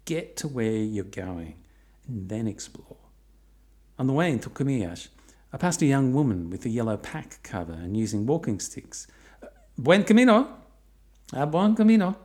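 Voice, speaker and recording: A man's voice: fairly low pitch, a little mellow. A middle-aged man narrating his own long walk in a reflective way with dry, wry humour. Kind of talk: personal travel narration.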